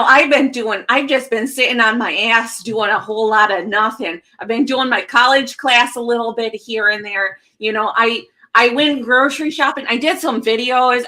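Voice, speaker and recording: A woman's voice: a little high, bright, forceful tone. A Midwestern American woman co-hosting a podcast, chatting casually and hamming up a folksy Minnesota accent, with playful, offhand swearing. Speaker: podcast co-host. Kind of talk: casual chat.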